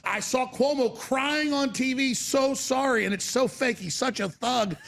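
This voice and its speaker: A man hosting a talk show, rambling and sardonic, with a raspy voice. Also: very high-pitched, a little slow, fairly bright tone, a little hiss or hum.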